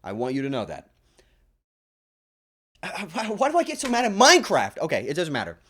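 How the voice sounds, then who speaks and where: A man ranting on his stream, exasperated and breaking into loud laughing yells. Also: fairly high pitch, huge pitch swings, brisk. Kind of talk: casual stream chat.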